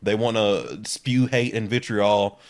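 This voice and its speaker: A man with a somewhat low voice co-hosts a podcast. He talks politics in relaxed, casual chat, speeding up and getting animated as he makes his points. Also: takes it slowly. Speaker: podcast co-host.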